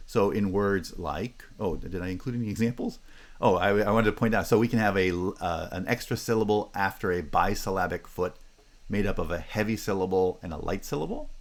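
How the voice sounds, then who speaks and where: A deep-voiced man giving a university lecture. He talks in a careful, measured way, says his example words twice and slowly, and fills his pauses with "uh".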